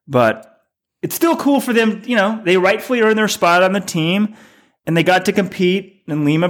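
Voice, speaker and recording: A man co-hosting a podcast in casual chat, telling stories in a rambling way. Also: on the high side. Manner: rambling storyteller. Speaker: podcast co-host.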